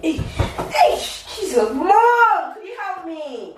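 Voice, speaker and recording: A high-pitched, animated teenage girl chats in a playful, giggly way while she cooks. The kitchen sound is heavily echoey, the mic sits a bit far from her, and clear background noise runs under her voice. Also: slow, few pauses. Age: teens. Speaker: vlogger. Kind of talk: casual vlog chat. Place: home kitchen.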